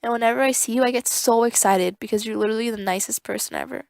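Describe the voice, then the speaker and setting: A woman's voice: on the high side, steady tone, fast, gravelly, a little mellow, dry recording. A young woman giving an earnest, grateful farewell message to a friend. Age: young adult. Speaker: student club member.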